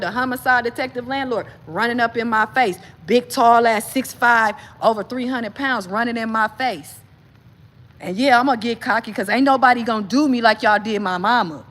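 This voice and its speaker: A woman speaking an emphatic personal monologue to camera, talking straight to her viewers. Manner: grows agitated and loud, pitch climbing. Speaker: vlogger.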